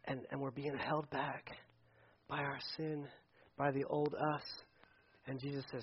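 A man preaching a sermon to his church, animated and conversational, often restarting his phrases and acting out voices. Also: mid-range voice, measured pace, husky, muffled recording. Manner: animated, acts out voices in quotes, frequent restarts. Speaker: pastor. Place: church sanctuary.

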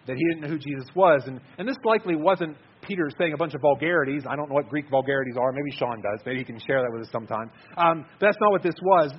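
Guy preaching, husky and a bit high, chatty and earnest, kinda dull lo-fi sound. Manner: earnest, conversational, repeats words when stressing a point. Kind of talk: sermon.

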